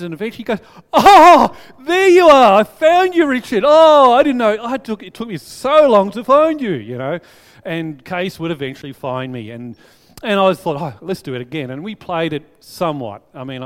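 A man preaching a sermon to his congregation, telling a childhood story in a chatty, animated way. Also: mid-range voice. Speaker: pastor. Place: church hall. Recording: long reverb of a large hall.

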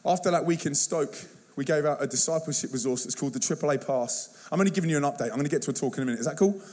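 A man preaching an energetic sermon to a church, telling stories in a punchy, slangy, excitable way. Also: fairly high pitch, very fast. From United Kingdom. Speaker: guest youth evangelist. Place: church service.

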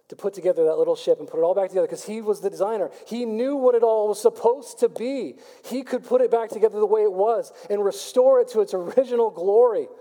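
A man preaching a sermon as pastor, building to fervent calls and rapid questions to his congregation. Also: high-pitched, warm tone. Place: church sanctuary. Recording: long reverb of a large hall.

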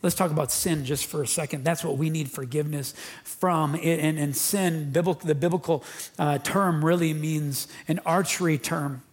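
A man's voice: a little high, fairly even intonation, moderate pace. A man preaching a sermon to his congregation, emphatic and repeating key lines for emphasis. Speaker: pastor. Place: church.

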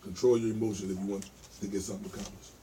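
Man, casual group talk, rambling, low pitch, faint background noise. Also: fairly even intonation, rapid-fire. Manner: rambling, repeats "you know what I'm saying". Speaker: podcast participant. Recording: distant mic with faint noise.

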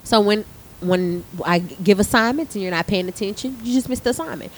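A woman's voice: medium pitch, a little fast, poor audio. A woman in her thirties, a theater arts teacher, chatting casually and telling a work story with lots of swearing and acted-out quotes. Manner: animated storytelling with profanity, acting out quotes. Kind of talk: casual podcast chat.

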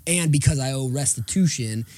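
A man's voice: medium pitch, normal speed, a little mellow. A man in his thirties telling his own stories in casual chat, candid and blunt, swearing often, with frequent restarts.

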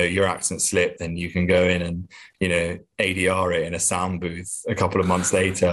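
A man's voice: sits low, a bit bright. A man and comedian, chatting as an interview guest in a hesitant, self-deprecating way with many restarts. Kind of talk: casual interview chat.

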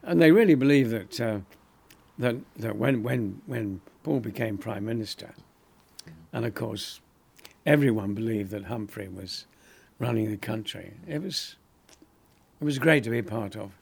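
An older actor telling lively anecdotes in an interview, acting out other people's lines and laughing often. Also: male voice, on the low side, moderate pace, gravelly, husky. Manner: animated storyteller, acts out quoted voices, laughs often. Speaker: actor guest.

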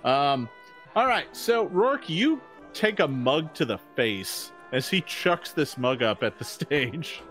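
A man's voice: a little high, takes it slowly, soft background music. A man narrating a tabletop game as game master, with many fillers and restarts. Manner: hesitant, many fillers, animated.

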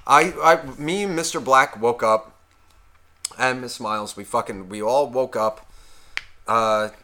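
A man co-hosting a podcast, telling stories in an animated way and swearing constantly. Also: mid-range voice, a little slow, a little hiss or hum. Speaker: podcast co-host. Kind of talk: casual chat.

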